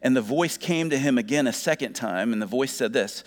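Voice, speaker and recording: A man's voice: medium pitch, lively intonation, a little fast, hardly any pauses. A middle-aged man preaching a sermon as a pastor, talking conversationally with joking asides and restarted words. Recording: reverberant hall.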